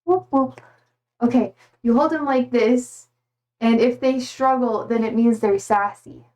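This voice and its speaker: A bubbly young woman streamer in casual chat, gushing over her pets with cooing baby talk. Her voice sits high, and she takes her time, drawing words out unhurriedly. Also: a little slow, a little mellow, poor audio.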